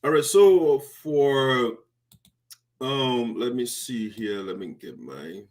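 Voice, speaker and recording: A man's voice: mid-range voice, lively intonation, slow pace, a little mellow. A man from Liberia hosting a live diaspora talk show. He chats loosely, restarts his sentences, and talks through his own equipment checks. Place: home studio. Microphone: headphones with a microphone.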